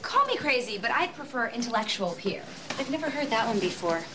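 An actress playing a dry, wry friend in a sitcom. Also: female voice, a little high, sing-song, a little fast. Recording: studio audience and loud noise.

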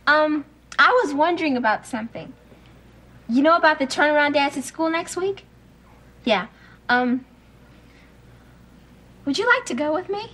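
A woman's voice: high-pitched, bright, forceful tone. An actress playing a nervous, bossy teenage girl who squabbles with her little sister. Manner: anxious, then gushing on the phone. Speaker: older sister in a family sitcom.

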